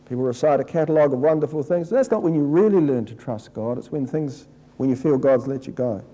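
A middle-aged man preaching a sermon in a conversational way, acting out people's complaints in a higher, whiny voice. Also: quick pace, warm tone, poor audio. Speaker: pastor.

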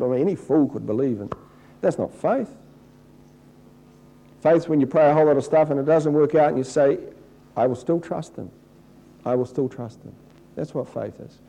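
Middle-aged guy preaching, mellow warm tone, a bit high, chatty, mimics whiny complainers. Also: poor audio. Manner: conversational, acts out quoted complaints in a higher whiny voice. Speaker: pastor. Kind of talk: sermon.

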